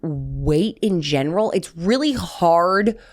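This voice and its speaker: Young woman cohost chatting about sports, kinda low voice, lots of laughs in her stories. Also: slow pace. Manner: chatty, animated storytelling with laughs. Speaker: podcast co-host. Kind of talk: casual sports chat.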